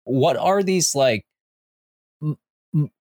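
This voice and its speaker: A man's voice: a little high, lively intonation, takes it slowly, a little mellow, dry recording, clean studio sound. Rambling man chatting about comics. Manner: rambling, full of "like" and restarts. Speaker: podcast co-host. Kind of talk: casual chat about comics.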